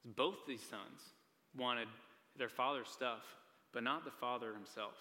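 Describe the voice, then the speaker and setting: A young male preacher talks to a gathered crowd in a casual, earnest way and keeps checking in with them. His voice is bright and forceful. A long reverb from the church hall trails after his words. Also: medium pitch, measured pace. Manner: casual and earnest, many "like" and "right?" asides. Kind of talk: sermon. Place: church hall with a live audience.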